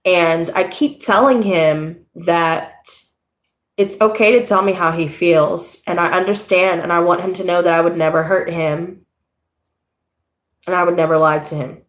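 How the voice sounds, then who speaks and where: A woman's voice: fairly low pitch, steady tone, measured pace. A young woman casually telling a personal story, rambling and swearing, with a lot of "you know" and "like". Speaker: tarot channel host. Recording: echoey room.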